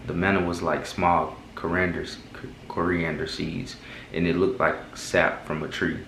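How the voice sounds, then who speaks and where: Deep, flat-voiced man reading scripture. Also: gravelly, reverberant, slight background noise, poor audio. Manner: halting, stumbles and rereads words. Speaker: Bible reading host. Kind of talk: casual Bible reading aloud. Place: second bedroom at home.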